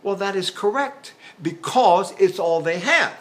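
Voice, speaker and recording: Unhurried and animated, an older male voice teacher rambles through a lesson on vocal technique, often pausing to demonstrate sounds and exercises. His voice sits notably high for a man and comes across a bit bright.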